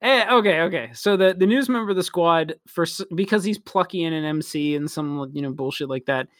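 A man's voice: on the high side, a bit bright, dry recording, clean studio sound. Rambling man recapping an anime. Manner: rambling, profane, quick laughs. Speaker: podcast co-host. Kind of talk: casual chat recapping an anime.

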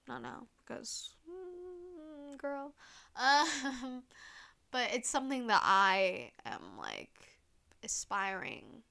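Young female podcast host, mid-pitch, gushy and filler-heavy, casual solo chat. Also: creaky, sharp tone. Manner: chatty, gushing, full of "like" fillers; playful, teasing sign-off.

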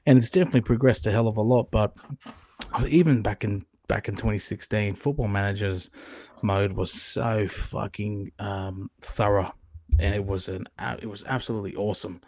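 A man in his young adult years chats on a podcast, his voice a little low. He tells stories with lively swearing. The sound is close and dry, with no room around it. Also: normal speed, no room sound. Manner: profane, animated storyteller. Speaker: podcast co-host. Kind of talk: casual chat. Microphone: podcast mic.

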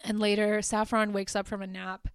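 A young adult woman hosting a podcast, chatting through a movie plot with lots of "like" and quick laughs. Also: mid-range voice, flat delivery, clear, resonant tone, no echo, clean studio sound. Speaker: podcast host. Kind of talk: casual movie recap.

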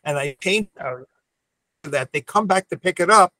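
A man's voice: high-pitched, a little slow, no echo. A veteran optician in his seventies, a man telling stories with emphatic energy as a podcast guest. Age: 70s. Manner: animated storyteller, emphatic. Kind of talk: casual podcast conversation.

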